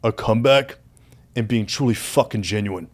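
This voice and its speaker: Animated, swearing male podcast guest. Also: lowish voice, normal speed. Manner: animated storytelling, heavy profanity, calls host "brother". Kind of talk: casual podcast conversation.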